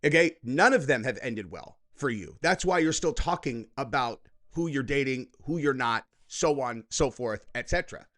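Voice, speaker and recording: A man in his thirties hosting political reaction commentary, sarcastic and mocking with loud outbursts. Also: medium pitch, lively intonation, normal speed, hardly any pauses.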